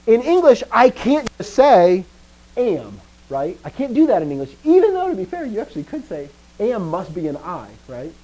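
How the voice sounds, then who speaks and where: A man teaching Greek grammar to a class, lively, putting questions to his students and often dropping to a quiet trailing voice. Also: high voice, moderate pace, slight background noise, poor audio. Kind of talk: classroom lecture.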